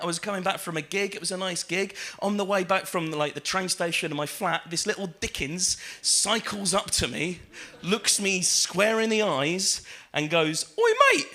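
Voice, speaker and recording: A man doing a stand-up comedy routine on stage, chatty and full of fillers, swearing and building to shouted punchlines. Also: high voice, noisy background. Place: comedy stage with live audience.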